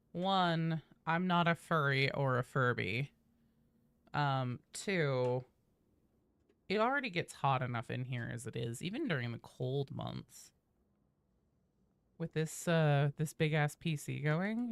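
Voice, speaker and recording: A woman's voice: low-pitched, a bit bright, clear, resonant tone, no echo. A woman streaming a game and chatting loosely with her viewers, swearing often. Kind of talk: casual live-stream chat.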